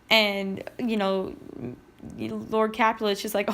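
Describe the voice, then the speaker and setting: A woman's voice: medium pitch, fairly even intonation, slow pace, a bit bright. A young woman casually retelling a play in slangy, laid-back words. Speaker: narrator.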